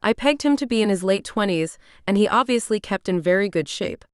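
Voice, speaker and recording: A woman narrates a first-person romance audiobook in a steady, even way. Her voice is smooth and clear, at a middle pitch, and it sits close and dry on the mic. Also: fairly quick, no room sound.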